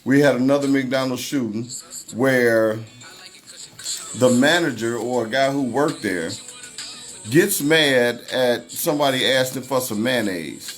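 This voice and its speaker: A man's voice: mid-range voice, normal speed, faint music behind. A man hosting a casual livestream, greeting viewers by name and talking over the news in a loose, conversational way. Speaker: livestream host.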